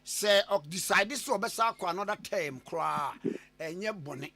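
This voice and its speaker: A man hosting a radio talk show, switching between English and Twi and pressing his guest with lively, stumbling questions. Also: high-pitched, normal speed, crowd noise. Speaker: radio host.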